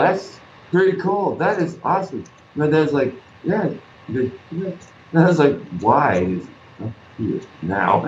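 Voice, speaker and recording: A man's voice: medium pitch, a little mellow. A man tells a personal story during an interview. He speaks earnestly, repeats phrases and acts out the voices of people he quotes. The recording is dull and lo-fi, with faint background noise. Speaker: guest artist and musician.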